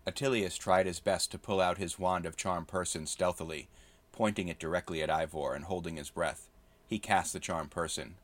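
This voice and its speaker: Male narrator, steady, understated, very low voice, game recap told as a story. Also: normal speed.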